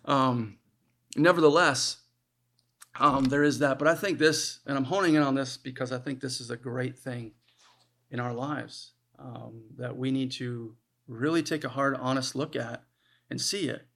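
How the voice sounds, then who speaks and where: A man's voice: mid-range voice, fairly even intonation, unhurried, creaky, a bit bright. A man preaching a sermon in an earnest, conversational way, often restarting his sentences.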